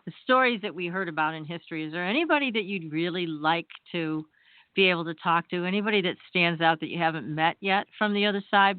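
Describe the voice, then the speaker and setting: A woman's voice: lowish voice, no room sound. A woman hosting a remote interview, reacting with enthusiastic exclamations. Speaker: interview host. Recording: dry, tinny phone-like line.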